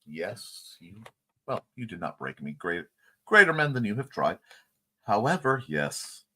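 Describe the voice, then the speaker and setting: A man's voice: lowish voice, sing-song, a little slow, pushed and bright, breathy edge. A man hosting a casual livestream morning chat, reading viewer comments aloud and laughing along. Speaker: host.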